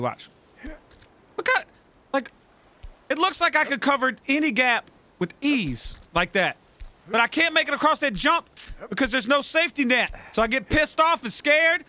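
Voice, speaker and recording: A man giving excitable, profane gameplay commentary, yelling at and coaching his game character. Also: extremely high pitch. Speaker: let's play gamer.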